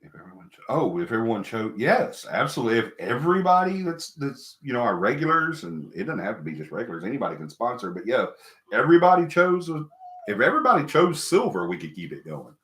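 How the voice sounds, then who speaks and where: A man's voice: lowish voice, sing-song, quick pace, hardly any pauses, fairly bright tone. A middle-aged man hosting a casual live stream, talking to viewers in a rambling, emphatic way and repeating himself. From American South. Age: middle-aged or older. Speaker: host of a paranormal live stream. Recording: echoey room.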